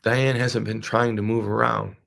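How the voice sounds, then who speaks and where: A man's voice: lowish voice, little pitch movement, normal speed, vocal fry, a bit bright. A man hosting a reflective devotional talk, speaking in an earnest, repetitive, preacher-like way with strong emphasis. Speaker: host.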